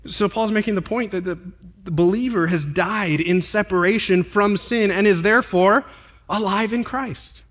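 A male pastor preaching a sermon, climbing to emphatic, higher-pitched stresses on key points and dropping low and quiet for asides and scripture references. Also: normal speed. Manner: drops to a quieter, lower tone for asides and reading references.

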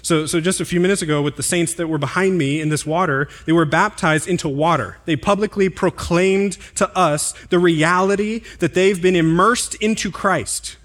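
A male pastor preaching a sermon, climbing to emphatic, higher-pitched stresses on key points and dropping low and quiet for asides and scripture references. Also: moderate pace, hardly any pauses. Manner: drops to a quieter, lower tone for asides and reading references.

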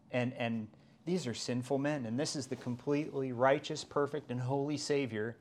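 A man's voice: mid-range voice, slight background noise. A middle-aged man preaching a sermon as pastor, earnest and rising to emphatic exclamations.

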